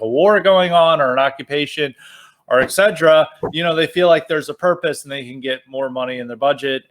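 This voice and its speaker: A man talking casually about politics, animated and sarcastic, with many fillers. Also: mid-range voice. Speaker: podcast guest.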